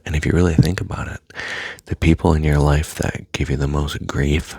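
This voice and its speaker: A man speaking in a soft, halting personal monologue that often drops to a near-whisper, with a husky voice. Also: rumbling low, fairly even intonation, dry recording. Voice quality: husky, gravelly. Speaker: self-help speaker.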